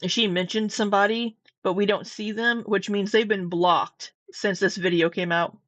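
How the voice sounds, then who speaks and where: A woman's voice: medium pitch, steady tone, normal speed, no room sound. A middle-aged woman doing casual reaction commentary, teasing, sarcastic and freely profane. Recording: dull, dry, slightly lo-fi sound.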